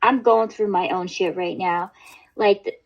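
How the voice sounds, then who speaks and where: A woman's voice: mid-range voice, fairly even intonation, unhurried, dull audio. Rambling, swearing woman streamer. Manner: rambling, swears freely, many fillers and restarts. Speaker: livestream host. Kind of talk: casual livestream chat.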